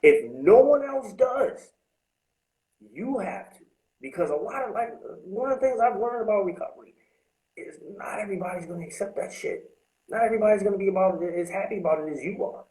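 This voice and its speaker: A man's voice: high-pitched, quick pace, darkish tone. Man, candid recovery talk, blunt and profane, echoey room. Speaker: host.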